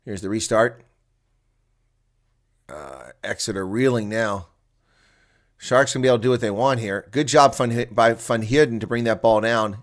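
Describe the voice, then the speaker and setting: A man calling a rugby match live as a chatty, excitable watch-along commentator, with a congested throat that keeps him coughing. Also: lowish voice, normal speed, long pauses. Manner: chatty and excitable, laughs at players' mistakes. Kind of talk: live play-by-play reaction commentary.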